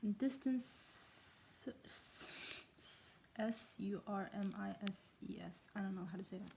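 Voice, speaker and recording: A woman's voice: mid-range voice, takes it slowly, vocal fry, noisy background. A woman reading a novel aloud in a put-on English accent, often stumbling over words and breaking off for self-mocking asides. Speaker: reader. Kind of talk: casual read-aloud of a novel.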